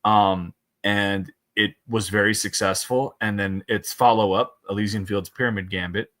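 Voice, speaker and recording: Low, forceful male guest, rambling and animated, dry close mic. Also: normal speed, no room sound. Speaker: comic book creator, podcast guest. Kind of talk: casual chat.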